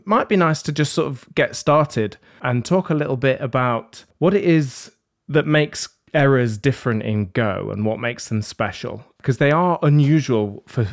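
A man hosting a podcast panel, joking and rambling in a self-deprecating way. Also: medium pitch. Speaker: podcast host. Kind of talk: casual panel chat. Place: London.

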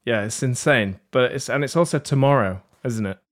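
In London, a podcast host leads a casual panel chat, joking and rambling with self-deprecating humor. He speaks in a mid-range voice at a moderate pace.

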